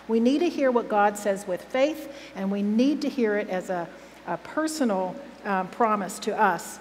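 Woman preacher, emphatic sermon delivery, echoing church hall recording. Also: on the high side. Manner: earnest, emphatic, asks the congregation questions. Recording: church hall recording with reverb and faint hum.

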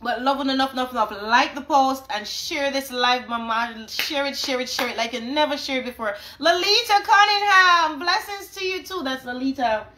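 Woman, live-stream host, high bright voice, exuberant and teasing, roomy echo. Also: normal speed, few pauses. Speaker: singer hosting a live stream. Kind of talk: casual live-stream chat.

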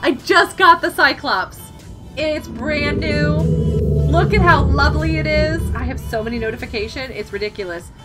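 A woman live streaming a game, excitable and chatty, laughing and yelling at what happens on screen. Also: high voice, normal speed, over loud music.

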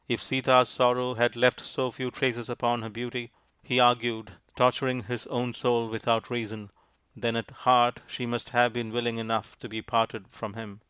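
A man narrating a storybook in a measured, even reading. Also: medium pitch, clean tone, no room sound. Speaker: audiobook narrator.

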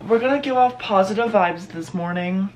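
A man's voice: high voice, moderate pace. Sarcastic young man vlogging at home. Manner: sarcastic, self-mocking, dramatic. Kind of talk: casual self-filmed vlog. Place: at home in a bedroom and bathroom.

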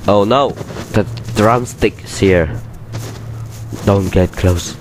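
Low-voiced man playing a game. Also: extremely slow, long pauses, slight background noise, low-quality recording. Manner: reactive, exclamatory. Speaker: game commentator. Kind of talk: casual let's-play commentary. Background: game music.

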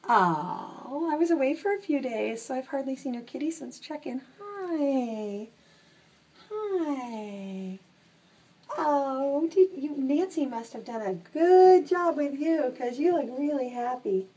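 Woman, cat carer, casual vlog, baby talk to a pet, sing-song, husky. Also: high voice, lively intonation, a little slow, a little mellow.

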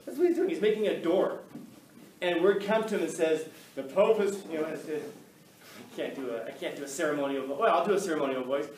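A male teacher telling a story to his class in an animated way, acting out the voices of the people in it. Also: on the high side, a little fast, slight background noise. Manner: animated, acts out quoted voices. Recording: echoey classroom, mic from far off.

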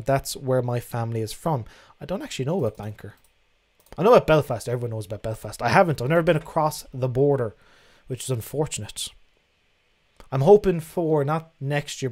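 A young man hosts a casual livestream, reading out viewer questions and answering them frankly and chattily, with some casual swearing. His voice is a little high and a little mellow.

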